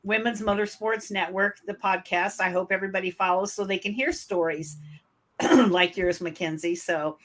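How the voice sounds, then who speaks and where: Speaking at a normal speed, this Michigan podcast host has a mid-range, slightly bright voice and a northern US accent. She keeps her casual interview friendly and chatty, dropping in fillers as she goes.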